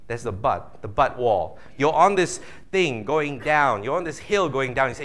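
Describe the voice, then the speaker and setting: A man giving a live motivational seminar talk, animated and jokey, acting out voices of the audience. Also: mid-range voice, moderate pace, few pauses. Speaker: motivational speaker.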